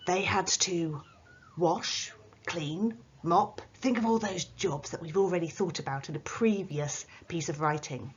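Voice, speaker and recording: Slow, husky woman teaching children. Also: lowish voice, lo-fi sound. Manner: slow, sing-song teacher delivery with occasional playful pirate voice. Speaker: primary school teacher. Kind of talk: recorded remote writing lesson for children.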